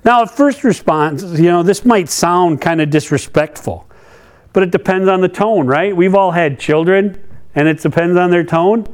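Conversational male preacher, fairly high voice. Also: moderate pace. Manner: conversational, asks the listeners questions. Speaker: pastor. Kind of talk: sermon.

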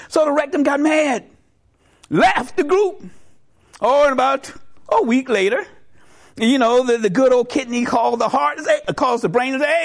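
A man's voice: high-pitched, normal speed. A middle-aged man preaching a sermon, telling a joke and acting out its characters in a storytelling manner. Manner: storytelling, animated voices for characters.

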